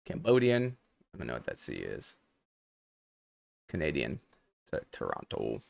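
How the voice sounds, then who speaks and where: A man's voice: rumbling low, huge pitch swings, unhurried, vocal fry, a little mellow, no echo. A young adult man hosting a live trading stream. He talks casually and speaks straight to his viewers in the chat. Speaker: host.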